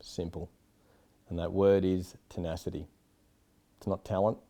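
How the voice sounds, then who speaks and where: A man's voice: low voice, level tone, measured pace, gravelly, dark tone. An Australian man, a film director, giving frank, rambling interview answers with many asides. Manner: rambling, frank, lots of "you know".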